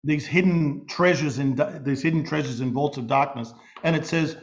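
A middle-aged Australian man preaching a sermon, telling stories in an animated way and often restarting and repeating his words. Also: a little high, moderate pace. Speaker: pastor. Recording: dull lo-fi recording.

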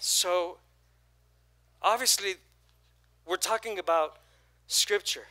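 A male pastor preaching in a church with a high-pitched, very bright and forceful voice. He tells the story in a casual, slangy way, stressing each point and drawing answers from the congregation. The delivery stays emphatic and lively throughout. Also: a little slow, long pauses. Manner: lively, emphatic preaching with crowd call-and-response. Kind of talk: sermon.

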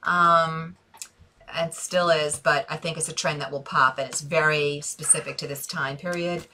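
Middle-aged female host, bright and forceful, lowish voice, chatty live-stream design chat, answers viewer comments. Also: fairly even intonation, normal speed, slight background noise. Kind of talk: casual Facebook Live chat. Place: home office desk.

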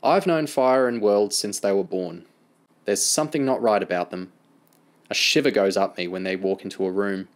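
A man's voice: lowish voice, moderate pace, natural voice. A man reading aloud and voicing a blunt, worried middle-aged mother. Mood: uneasy.

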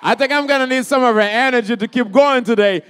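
A man from Haiti, emceeing a community college event with lively, crowd-rousing energy. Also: extremely high pitch, fast talker, clear, resonant tone. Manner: energetic, hypes up the crowd, calls out questions.

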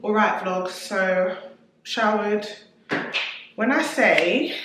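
A woman's voice: mid-range voice, drawn-out words, pauses often. A woman, chatting candidly to camera in a casual home vlog. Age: 20s. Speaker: vlogger. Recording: roomy echo, faint noise.

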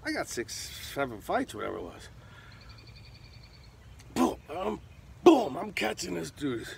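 An older man telling a profane, animated story in an interview, punctuating it with sound effects. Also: on the high side, measured pace, creaky, crowd noise.

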